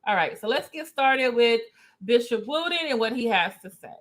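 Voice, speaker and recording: A woman hosting a casual reaction commentary, chatting with viewers. Her voice sits a little high. She stops to read definitions aloud. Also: expressive, moderate pace, fairly bright tone. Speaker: commentary vlogger.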